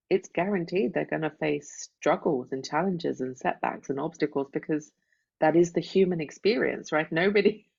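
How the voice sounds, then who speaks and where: A woman's voice: sits low, creaky, darkish tone, husky. A woman guest who is a life coach, talking openly and from the heart, often saying "like" and "right?". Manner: open, heartfelt, frequent "like" and "right?". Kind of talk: casual interview chat. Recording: dull lo-fi audio.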